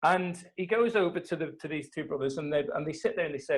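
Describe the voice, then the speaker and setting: A man hosting a live video call, retelling a story with lively acted-out quotes and a few restarts. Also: fairly high pitch, quick pace, few pauses, poor audio. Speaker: host of a mastermind call.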